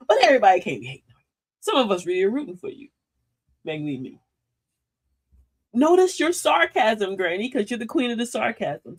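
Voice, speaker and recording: Older lady, playful and preachy, pitch all over the place, hosting a live self-help chat. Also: breathy edge. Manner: animated, preachy, playful with slang. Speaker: host of a live talk show. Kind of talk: motivational live-stream talk.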